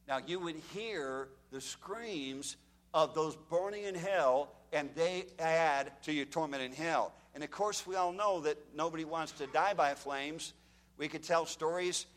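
A man preaches a fire-and-brimstone sermon with a fairly high voice. He tells dramatic stories and shouts out the cries of the people in them. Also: in a large hall. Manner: dramatic storytelling, shouts out quoted screams.

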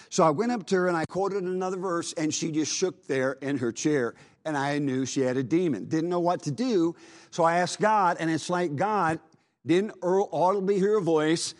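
A man preaching, telling a dramatic personal testimony in an earnest voice. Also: on the high side. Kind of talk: sermon testimony.

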